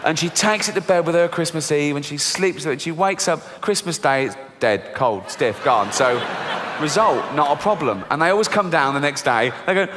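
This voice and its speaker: A middle-aged man with an English accent delivers a stand-up comedy set in a blunt, sweary way. His voice sits a little high for a man. It carries a long theatre reverb over a faint hiss. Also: normal speed. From England. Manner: animated storytelling with squeaky high voices for children. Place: large theatre stage before an audience. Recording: live theatre recording with long hall reverb.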